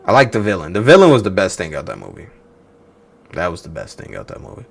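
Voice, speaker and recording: A man with a low voice hosts a casual livestream, answering viewers in profane, teasing banter. His pitch swings widely as he ribs them with pointed rhetorical questions. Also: huge pitch swings, quick pace, gravelly. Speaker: livestream host reacting to movie news.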